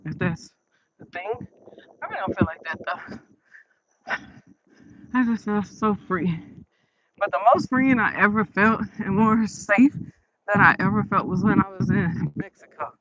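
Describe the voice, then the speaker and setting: A woman's voice: medium pitch, a little slow, pauses often, a bit bright, lo-fi sound, a little hiss or hum. Chatty woman rambling on a night walk. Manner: chatty, rambling, laughs often. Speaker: vlogger. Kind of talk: casual storytelling while walking. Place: outdoors on a late-night walk.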